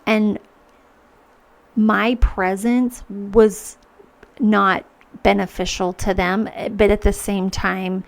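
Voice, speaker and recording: A woman's voice: medium pitch, level tone, slow pace, gravelly, long pauses. A woman hosting a podcast, speaking earnestly in a reflective personal monologue, with many restarts as she acts out her own thoughts. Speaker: podcast host.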